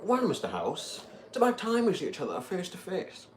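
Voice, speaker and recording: A man's voice: a little high, very animated, fast, background noise, voice pushed up. A young man putting on a mock-dramatic voice to play a defiant courier. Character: young male courier defying a tycoon.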